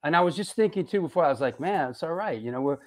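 Lively higher-voiced male host. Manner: quick agreeing interjections and laughs. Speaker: live show host. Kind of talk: casual chat, reading viewer questions.

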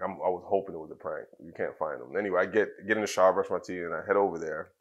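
A middle-aged man from Trinidad speaks as an interview guest with a fairly low voice. He tells personal stories candidly, stumbling over restarts and filling pauses as he goes. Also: fairly bright tone. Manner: candid, halting, many fillers and restarts. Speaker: guest, former wrestler. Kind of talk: casual interview storytelling.

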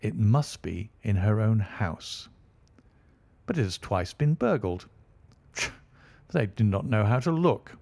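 A man voicing a sharp, confident male detective in an audiobook, speaking in a crisp, commanding way. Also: fairly low pitch, animated, slow pace, pauses often, heavily acted. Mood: assured. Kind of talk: audiobook reading.

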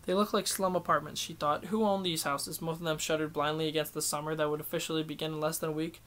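A man reading a novel aloud as an amateur audiobook narrator, steady and unhurried with occasional restarts. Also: on the high side. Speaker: audiobook reader.

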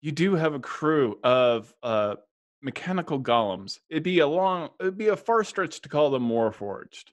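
A man's voice: fairly high pitch, big pitch swings, unhurried. A man narrating a tabletop game as dungeon master, describing the scene and laughing easily.

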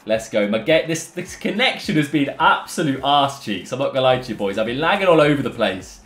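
An excitable young man bantering his way through live football game commentary. His voice sits in a roomy, echoing space with faint music playing underneath. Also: medium pitch, a little fast. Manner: excitable, banter-filled, addresses viewers as lads and boys. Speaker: gaming YouTuber.

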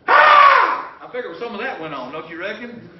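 A man with a Texan accent preaching a folksy sermon as pastor, breaking into sudden shouts as he tells the story. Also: high voice, lively intonation, quick pace, a loud crowd, very noisy. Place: church sanctuary. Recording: echoey church from far off, dull.

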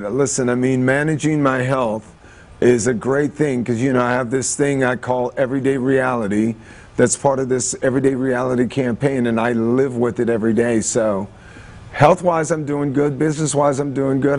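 A middle-aged man talking as a guest in a morning TV interview, relaxed and upbeat, with fillers. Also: medium pitch, normal speed. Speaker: celebrity guest.

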